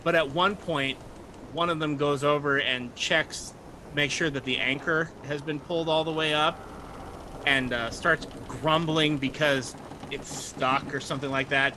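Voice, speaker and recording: A man's voice: a little high, fairly even intonation, a little slow, noisy background. A man narrating as game master of a tabletop game, rambling through scenes with many fillers.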